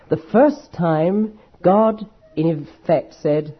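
A man preaching a sermon with an emphatic, dramatic delivery, slowing down to stress key words. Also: on the high side, expressive, breathy edge. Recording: dull lo-fi recording.

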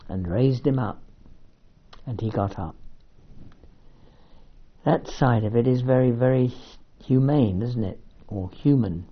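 Low gravelly guy reading scripture and explaining it, muffled old-sounding recording. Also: slight background noise. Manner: reads scripture aloud and comments, with fillers and asides. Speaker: preacher. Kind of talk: bible teaching.

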